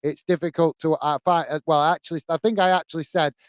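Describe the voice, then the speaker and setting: Hosting a live football watch-along, a man chats casually between bits of match commentary and reads viewers' messages. His voice is a little high, fairly even, quick and clean with no echo. He rambles, corrects himself, and has a friendly "mate" manner.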